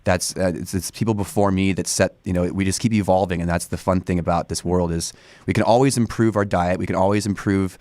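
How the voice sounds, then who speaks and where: Low-voiced man in his forties, rambling. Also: steady tone, a little fast, darkish tone, no echo. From Northern California. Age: 40s. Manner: rambling, many restarts and fillers. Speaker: studio guest. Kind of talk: casual interview talk. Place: radio studio.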